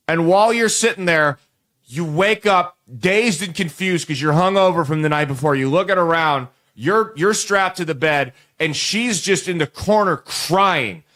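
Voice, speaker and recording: A man's voice: high-pitched, sharp tone. A man in his late twenties hosting a show, telling a crude, rambling comic story straight to viewers with plenty of restarts. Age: late 20s. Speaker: show host. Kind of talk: comedic monologue to viewers.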